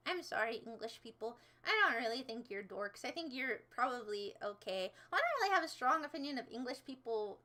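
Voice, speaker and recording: Young woman streamer, high voice, bright and a bit sharp, rambly and goofy, big dramatic bursts. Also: animated, brisk, hardly any pauses. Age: young adult. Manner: rambling, playful, dramatic outbursts. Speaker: livestreamer. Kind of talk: casual livestream chat.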